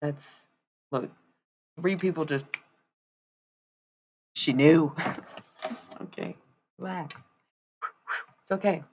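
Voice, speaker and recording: A woman's voice: low voice, drawn-out words, pauses often, darkish tone, slight background noise. A woman chatting casually on a live stream as she paints, rambling and swearing freely in asides to her viewers.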